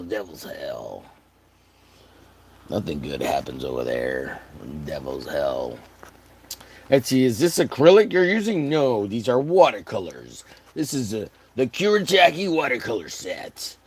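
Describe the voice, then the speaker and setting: Painting on a live stream from his home studio, a man jokes with viewers and mutters to himself, now and then slipping into silly sing-song. His lowish voice swoops wildly in pitch at a measured pace, with a video playing behind him and slight background noise.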